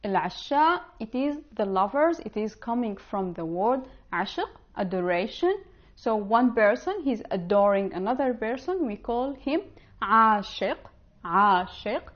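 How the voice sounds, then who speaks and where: A woman teaching an online language lesson, spelling out words slowly and carefully. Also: a little high, expressive, highs cut off. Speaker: Arabic teacher.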